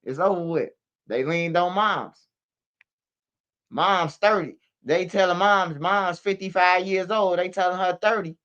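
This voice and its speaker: A man's voice: high voice, a little slow, a bit bright, highs cut off. A man hosting a casual street news commentary stream, slangy and emphatic, ending lines with "bro" and "man". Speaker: commentary channel host. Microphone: streaming setup microphone.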